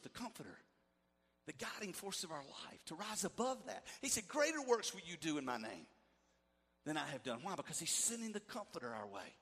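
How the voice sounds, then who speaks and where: High, bright-voiced preacher. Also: male voice, slightly rough. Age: middle-aged. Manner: animated preaching, swings from loud to hushed. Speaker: pastor. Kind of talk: sermon. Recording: echoey hall.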